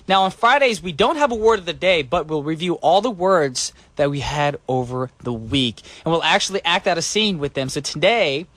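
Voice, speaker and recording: Male radio host, jokey banter, slightly high voice, dry studio mic. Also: animated, normal speed, hardly any pauses, fairly bright tone, no room sound. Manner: playful, jokey, laughs often. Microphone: studio microphone.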